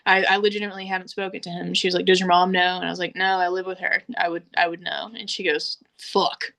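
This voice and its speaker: A woman's voice: lowish voice, fast, gravelly. A young woman hosting a podcast, telling a story in casual chat and acting out the voices she quotes. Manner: animated storyteller, acts out quoted voices, laughs often. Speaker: podcast host.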